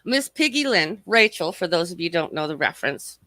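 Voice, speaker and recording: A woman's voice: on the low side, big pitch swings, brisk, sharp tone, dry recording. Brash, profane woman ranting on a livestream. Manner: profane, heated, sarcastic ranting. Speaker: livestream host. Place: at home.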